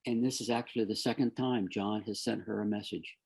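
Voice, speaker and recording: A middle-aged man with a gravelly, slightly husky voice tells his story in a relaxed, conversational way. He slips in and out of the voices of the people he quotes and keeps the telling lively. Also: on the low side, a little fast. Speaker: guest sharing a near-death story.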